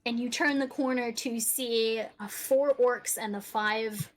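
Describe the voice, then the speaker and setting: A woman runs a tabletop game as dungeon master, describing rooms and tunnels. Her voice sits a little high and she keeps breaking into laughter as she narrates. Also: steady tone, a little slow, low-quality recording. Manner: laughs often while narrating.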